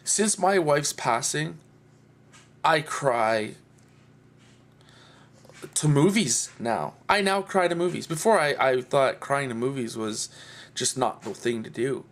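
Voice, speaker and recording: A man speaks to camera in a personal video blog. His delivery is earnest and heartfelt. He talks slowly and lets his voice rise and fall a great deal. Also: medium pitch, lively intonation, fairly bright tone. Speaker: video blogger.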